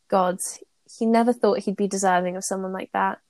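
A woman co-host who reads a story aloud and breaks off to chat. She's blunt and animated, with a mid-range voice. The sound is dry and close. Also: medium pitch, a little fast, no echo. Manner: animated, blunt, swears freely. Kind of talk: casual chat and story reading.

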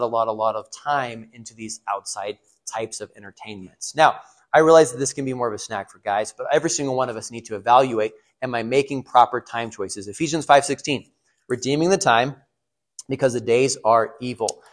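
A middle-aged man giving a casual sermon on marriage to a class, chatty, laughing at his own stories and asking the room questions. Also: mid-range voice. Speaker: pastor or class teacher.

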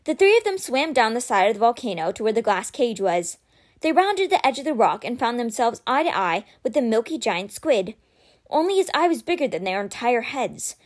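A woman reading a children's fantasy novel aloud with expressive, dramatic storytelling. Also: on the high side.

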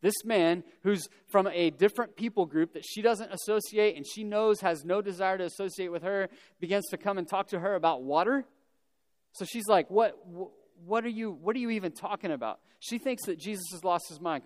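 A man's voice: sits high, brisk. A man preaching a sermon, telling the story conversationally with casual humorous asides. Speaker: pastor. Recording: long reverb of a large hall.

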